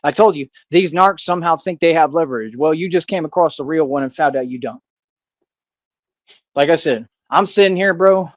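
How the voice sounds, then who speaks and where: American guy ranting, cocky and in your face, keeps repeating himself, voice kinda high, dry sound. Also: no echo, muffled recording. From United States. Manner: defiant, boastful, confrontational, repeats himself. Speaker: self-styled vigilante. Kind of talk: ranting monologue to camera.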